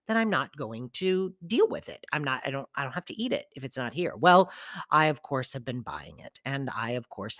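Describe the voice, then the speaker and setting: A woman's voice: extremely low pitch, fairly bright tone, no echo, studio quality. A woman hosting a personal self-care podcast, talking candidly and casually, with some swearing. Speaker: podcast host.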